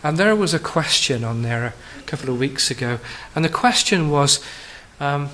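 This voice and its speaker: A man preaches a sermon in a fairly high voice, lifting his pitch and volume for emphasis, then falling soft and low on key phrases. He speaks straight to the congregation. A faint hiss runs under the recording. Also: animated, moderate pace, low-quality recording.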